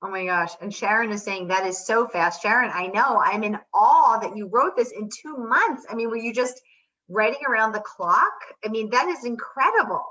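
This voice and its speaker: A woman's voice: a little high, lively intonation, moderate pace, bright, forceful tone. A woman hosting an interview, effusive and gushing with praise for her guest. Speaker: host interviewer. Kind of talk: casual interview chat. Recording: slightly dull lo-fi audio.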